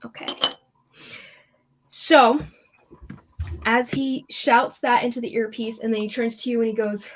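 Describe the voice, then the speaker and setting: A woman's voice: on the high side, steady tone, measured pace. A woman narrating as game master in loose, chatty talk full of fillers. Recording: slightly muffled lo-fi mic.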